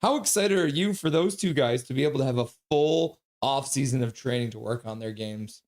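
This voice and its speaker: A man's voice: medium pitch, fairly quick, a little mellow. A man, co-hosting a casual hockey chat and posing long questions. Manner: engaged, asks long questions. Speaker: hockey show co-host.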